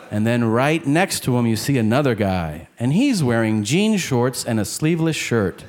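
Performing comedy for a live club crowd, a man slips into the voices of the people in his jokes, very animated and at normal speed. His mid-range voice is a little mellow and barely pauses. Audience laughter and crowd noise run through the live recording.

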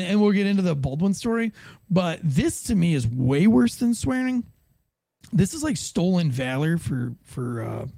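Guy hosting a chat show, gravelly raspy voice, kinda dark tone, rambles along. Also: on the high side, no room sound. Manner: loose, rambling news recap with frequent fillers. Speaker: podcast host. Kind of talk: casual chat.

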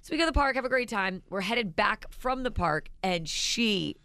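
A woman's voice: mid-range voice, normal speed, smooth, dry recording. A woman co-hosting a radio show, telling a story in casual chat and acting out the quotes with gusto. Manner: animated storyteller who acts out quotes.

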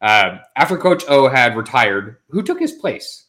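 A man's voice: medium pitch, very animated, a little slow, sharp tone. Hesitant man co-hosting a podcast. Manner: hesitant, self-deprecating, with many fillers and restarts. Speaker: podcast co-host. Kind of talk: casual sports podcast chat.

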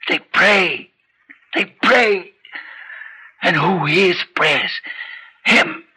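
An actor playing a scheming, bullying old gangster boss who is bedridden and weak, talking in rough street slang in a 1960s radio drama. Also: male voice, sits high, lively intonation, very slow, pushed and bright, full character voice, poor audio.

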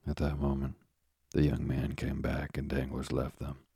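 A man with a gravelly, husky voice reading a novel aloud as an audiobook narrator, steady and unhurried. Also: extremely low pitch, dry recording, studio quality.

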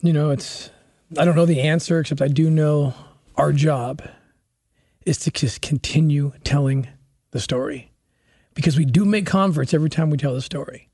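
A man's voice: a little high, normal speed, warm tone, breathy edge. A man speaking as a podcast guest, telling a story in an earnest, passionate way with frequent restarts. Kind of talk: conversational interview storytelling.

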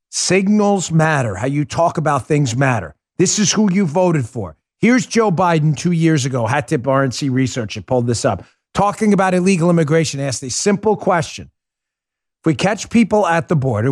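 A man's voice: a little high, expressive, brisk, no room sound, studio quality. A man hosting a political commentary podcast, speaking emphatically, hammering his points with repeated catchphrases and now and then turning to his co-host. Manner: emphatic, repeats slogans for stress; talks to a co-host by name.

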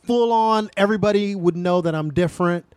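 A man in his forties, a stand-up comedian telling stories in a casual podcast chat, animated and profane. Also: high voice, a little fast, clean tone, no room sound, clean studio sound. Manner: profane, animated storyteller, laughs often.

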